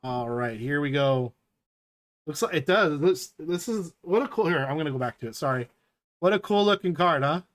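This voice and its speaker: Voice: mid-range voice, expressive, normal speed. A live-stream host chatting enthusiastically while opening packs and reading out each card as it appears.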